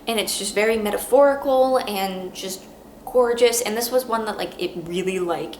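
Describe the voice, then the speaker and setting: A woman hosting a podcast, talking through a book review in an earnest, emotional way, halting with many restarts. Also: medium pitch, a little mellow. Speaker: podcast host. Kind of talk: casual book review monologue. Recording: roomy echo, faint background hum.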